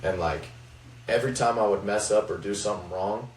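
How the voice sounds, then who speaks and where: A man's voice: lowish voice, a little fast. A young man, a college basketball player, reflectively telling a faith story with many fillers. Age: young adult. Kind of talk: faith-focused podcast chat. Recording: roomy, distant mic, faint noise.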